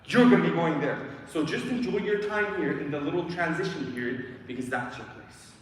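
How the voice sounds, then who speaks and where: A man's voice: a little high, lively intonation, brisk, a little hiss or hum. Impassioned young man preaching in echoey hall. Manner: impassioned, swings between shouting and hushed. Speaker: guest lecturer. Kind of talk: dramatic sermon talk. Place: large hall of an Islamic centre. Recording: echoey hall, voice far from mic.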